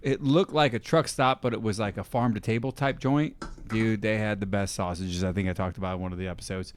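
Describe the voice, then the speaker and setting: A man co-hosting a casual podcast, telling stories in an animated way, swearing often and laughing as he talks. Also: lowish voice, brisk, smooth. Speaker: podcast co-host. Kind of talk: casual profane chat.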